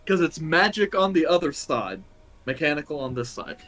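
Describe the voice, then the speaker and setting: A man narrating scenes as game master, with measured descriptions and frequent fillers. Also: a little high, lively intonation, fairly bright tone, faint music behind.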